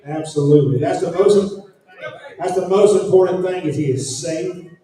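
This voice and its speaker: High-voiced male horse sale announcer. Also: normal speed, dark tone. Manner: folksy salesman pitch. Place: large indoor sale arena. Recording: echoey arena from far off.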